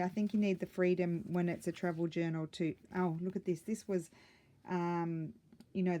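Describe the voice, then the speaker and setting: A woman with a lowish, mellow voice chats casually as she shows her crafts. She rambles happily, fills gaps with ums and corrects herself midway. She sounds a little out of breath. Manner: excited, rambling, many ums and self-corrections. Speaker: craft vlogger. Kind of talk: casual chatty flip-through.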